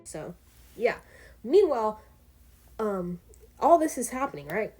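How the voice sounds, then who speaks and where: A woman's voice: medium pitch, big pitch swings, a little slow, loud music behind the voice. Chatty teenage girl telling a story. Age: teens. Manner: chatty, rambling, full of fillers and asides. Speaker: vlogger. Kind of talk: casual storytime vlog.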